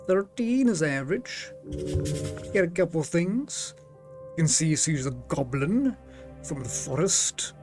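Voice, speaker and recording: A man's voice: on the high side, very animated, a little slow, long pauses, music in the background. A man streaming a game live, chatting casually and reading its text aloud, laughing often.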